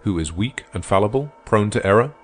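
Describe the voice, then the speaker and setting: A confident man who argues gravely and matter-of-factly, as an audiobook reader voices him. His voice is low and deep, with faint music behind it. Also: animated, brisk. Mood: assured. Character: confident male socialist debater, calm and grave. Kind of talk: audiobook character voice.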